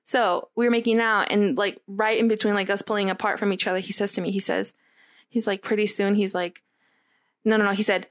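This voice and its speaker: A young woman in casual conversation who tells her story in long, rambling runs. She fills her talk with "like" and acts out what other people said. Her voice sits at an ordinary middle pitch for a woman. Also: steady tone, fast talker. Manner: rambling, filler-heavy, quotes others a lot. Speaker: podcast co-host.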